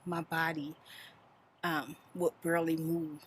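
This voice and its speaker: Brief: middle-aged woman, soft-spoken storytime vlogger, lowish voice, rambling and chatty. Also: flat delivery, unhurried, a little hiss or hum.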